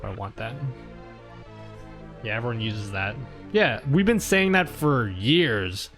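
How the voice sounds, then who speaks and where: An Australian man streaming a game, chatting casually in a relaxed, rambling way, clearing his throat often. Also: mid-range voice, slow, faint music behind. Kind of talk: casual chat while playing.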